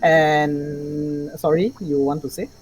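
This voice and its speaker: A woman narrating a tabletop game as game master, describing scenes in a halting way with frequent restarts. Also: sits low, level tone, a little mellow, faint music behind, rough recording.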